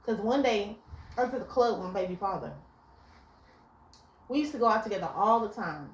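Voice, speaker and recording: Speaking briskly at medium pitch, this young woman hands out no-nonsense relationship advice on her laid-back vlog. Her storytelling is lively and full of profanity, recorded in an echoey space with faint background ambience.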